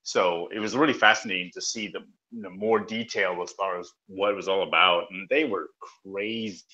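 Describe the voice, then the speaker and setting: Middle-aged guy from southern oregon, lowish bright voice, kinda muffled. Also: steady tone, moderate pace. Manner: rambling, hesitant with ums. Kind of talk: casual discussion. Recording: dull lo-fi sound.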